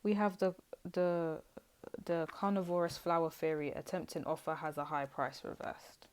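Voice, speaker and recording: A young woman giving a casual tarot reading, chatty and blunt with animated asides. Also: deep voice, moderate pace, smooth. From United Kingdom. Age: young adult. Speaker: tarot reader.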